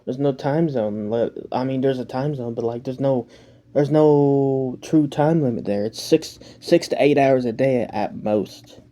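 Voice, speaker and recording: A man's voice: medium pitch, unhurried, warm tone. A man casually reacting to a video at home, rambling, swearing and making self-mocking jokes.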